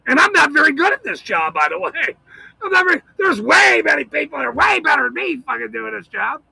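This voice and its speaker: A man in a profane, shouting monologue, ranting as the host of his own channel. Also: very high-pitched, sing-song, a little fast, vocal fry, no echo, low-quality recording. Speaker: citizen auditor channel host.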